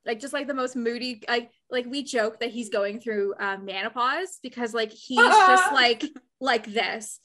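A young woman co-hosting a podcast, telling workplace stories in animated casual chat with many filler words. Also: on the high side, normal speed, background noise. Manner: animated storytelling, lots of "like" fillers. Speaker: podcast co-host.

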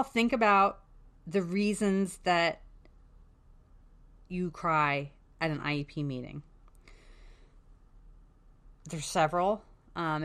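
A woman's voice: lowish voice, a bit bright. A woman talking candidly as a parent advocate, giving casual, frank advice and swearing freely.

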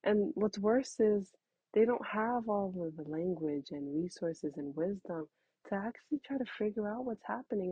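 A woman in her thirties talks through parenting advice in a frank, chatty way. Her voice is slightly husky, and the recording is dry and a little muffled. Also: on the low side, dry recording. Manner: frank, conversational, addresses listener as honey and baby. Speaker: parenting talk host. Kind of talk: casual advice talk.

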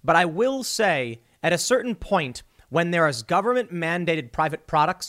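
A man's voice: fairly high pitch, a bit bright. A man hosting a solo commentary show, thinking aloud with restarts and mocking quotes. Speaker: political commentary host.

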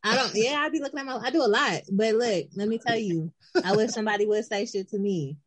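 A woman's voice: mid-range voice, fast talker. Woman, playful, chatty, casual podcast talk. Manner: playful, chatty, laughs often. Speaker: podcast co-host. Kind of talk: casual chat.

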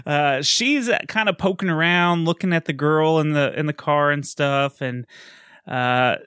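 A man casually retelling a film plot in chat, animated and quick to laugh. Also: a little high, smooth, no room sound, studio quality. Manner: animated storytelling, laughs often. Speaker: podcast co-host recapping a film.

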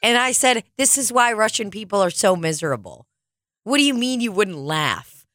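A woman's voice: mid-range voice, sing-song, normal speed, a bit bright, no room sound, studio quality. A woman co-hosting a casual chat, crude and laughing often, acting out silly voices mid-story.

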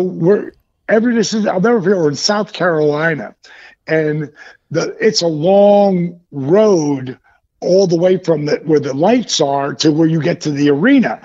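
A man's voice: sits high, a little mellow, dull audio. A man, a former wrestler, telling a profane story in a podcast interview with a lot of animation. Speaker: retired wrestler and yoga program founder.

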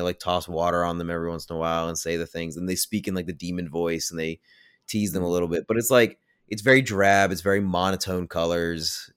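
With a deep, smooth voice, this podcaster recaps a movie's plot casually, spoiling it while rambling, saying "like" a lot, and offering blunt offhand views. No room sound; clean studio audio.

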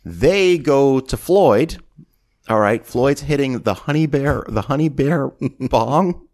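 A man's voice: mid-range voice, slow pace. A man co-hosting a podcast, recapping a movie in casual chat, acting out the lines in voices and laughing often. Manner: animated storytelling, acts out quotes in voices, laughs often. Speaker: podcast co-host.

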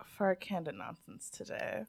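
Brief: young woman podcast co-host, animated storyteller, voice swinging widely as she acts out quotes. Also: fairly low pitch, normal speed, creaky. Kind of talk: casual podcast chat, telling a story.

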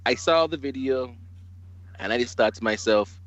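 An excitable man from California hosts the chat in a lowish voice, laughing and swearing freely. The sound is slightly dull and lo-fi. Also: moderate pace. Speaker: podcast host. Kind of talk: casual podcast chat.

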